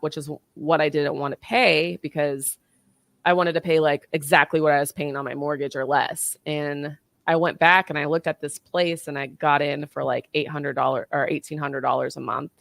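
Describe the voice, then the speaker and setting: A woman's voice: deep voice, moderate pace, creaky, dry recording. A woman in her thirties telling a personal story in casual chat, acting out the voices in the dialogue she quotes. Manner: animated, acts out quoted dialogue.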